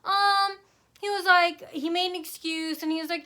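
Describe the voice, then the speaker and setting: A woman's voice: high-pitched, moderate pace, pushed and bright. A woman telling a rambling personal story to camera, sarcastic and full of fillers and asides. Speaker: vlogger.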